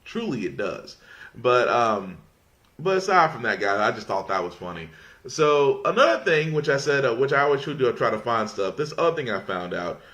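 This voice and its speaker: A man talks through a casual podcast rant, his pitch rising and falling widely. He rambles, restarts sentences and keeps holding back laughter as he mocks what he is discussing. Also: big pitch swings, normal speed, fairly bright tone. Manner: mocking, fights off laughter. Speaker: podcast host.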